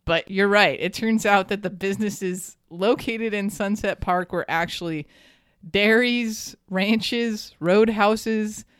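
A woman's voice: medium pitch, slow, smooth, dry recording, clean studio sound. A woman hosting a podcast, telling a local history story in a chatty, casual way and laughing often. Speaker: podcast host.

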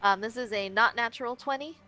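Woman tabletop player, bright voice, relaxed and chatty. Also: a little high, fairly quick. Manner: laughs often, casual. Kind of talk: casual tabletop play.

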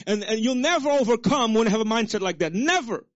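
A male pastor preaching a sermon with call-and-response to the congregation, swinging between loud exhortation and soft low asides. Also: lively intonation, fast. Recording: dull lo-fi sermon recording.

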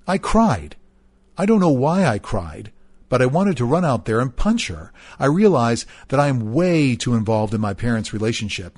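Husky middle-aged man, earnest and candid. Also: mid-range voice, a little mellow, no echo. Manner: earnest, candid, with hesitant restarts. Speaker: narrator. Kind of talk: reading a post aloud, then personal reflection.

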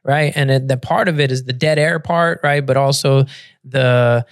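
A man's voice: medium pitch, fairly even intonation, moderate pace, dry recording, clean studio sound. A man hosting a podcast, talking in a casual, rambling way with restarts and swearing. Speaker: podcast host.

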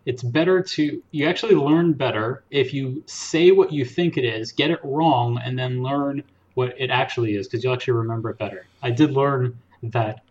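A man's voice: mid-range voice, moderate pace, hardly any pauses, a little mellow, muffled recording. A man hosting a casual podcast, explaining things playfully like a teacher. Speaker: podcast host.

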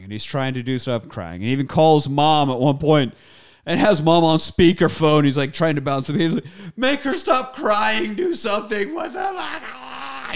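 A man hosting a casual movie recap, animated and swearing freely as he retells the plot. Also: medium pitch, smooth. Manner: profane, animated and ranting.

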